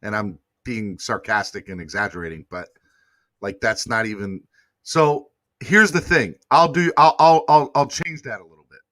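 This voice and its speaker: A podcast host with a lowish voice runs a casual sports livestream at normal speed, recorded with studio quality and no echo. He's animated and slangy, and keeps begging viewers to hit like.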